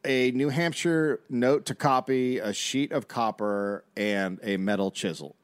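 A man's voice: mid-range voice, a little slow, clean tone, no echo. A man co-hosting a comedy podcast, casually retelling a historical story. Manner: relaxed, recounting history. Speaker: podcast co-host.

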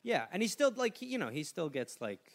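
A man's voice: sits high, big pitch swings, brisk, vocal fry. A man co-hosting a comedy podcast, telling stories in casual chat and laughing often at his own jokes.

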